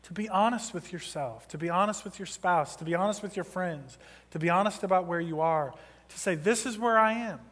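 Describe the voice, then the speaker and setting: A man's voice: high voice, a little fast, a bit bright. Man in his thirties preaching in a hall. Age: 30s. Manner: storytelling, building to impassioned emphasis. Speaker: pastor. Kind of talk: sermon. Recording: long reverb of a large hall.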